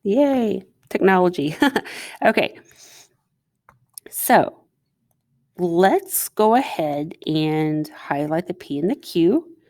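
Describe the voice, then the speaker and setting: A woman's voice: on the low side, lively intonation, extremely slow, long pauses, darkish tone, no echo, clean studio sound. A woman teacher talking students through a recorded math lesson, chatting and asking them questions as she writes. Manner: chatty, asks students questions while writing.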